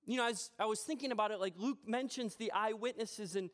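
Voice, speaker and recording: A man preaching a sermon as pastor in a church, telling a personal story in a chatty, animated way with self-deprecating humor. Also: high-pitched, a little fast. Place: church sanctuary.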